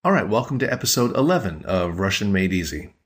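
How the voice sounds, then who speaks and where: A man hosting a podcast language lesson, explaining phrases patiently and slowing down to stress key words. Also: low voice, very animated, faint music behind. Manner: clear, patient explaining with slowed-down emphasis.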